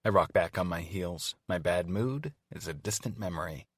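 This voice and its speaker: A man's voice: deep voice, normal speed, breathy edge, no echo, clean studio sound. A man narrating a first-person romance audiobook in a wry, conversational storytelling manner. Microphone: studio microphone.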